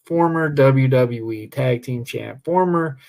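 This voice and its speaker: A man chatting loosely on a podcast as a wrestler guest. His voice sits at an ordinary middle pitch. He rambles with eager enthusiasm, tossing in "man" as he goes. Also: steady tone, measured pace. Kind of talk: casual podcast chat.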